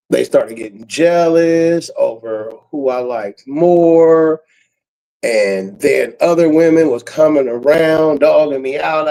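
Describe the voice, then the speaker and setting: A man's voice: mid-range voice, mellow, rough recording. A man YouTuber talking in a casual rambling monologue, full of street slang, chuckles and trailing fillers.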